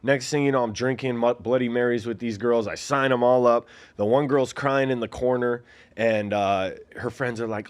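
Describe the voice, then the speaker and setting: A man's voice: mid-range voice, fairly quick. A man in his forties, a former fighter guest telling his story in a rambling, casual way, full of fillers and acted-out quotes. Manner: rambling, filler-heavy, acts out quoted voices.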